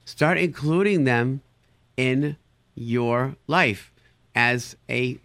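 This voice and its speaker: Brief: male therapist hosting an advice talk, animated, mid-pitched, dry close sound. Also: extremely slow, dry recording. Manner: animated, acts out incredulous reactions with sudden jumps in pitch; sprinkles Yiddish words into his talk. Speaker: therapist giving parenting advice. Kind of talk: advice talk answering listener questions.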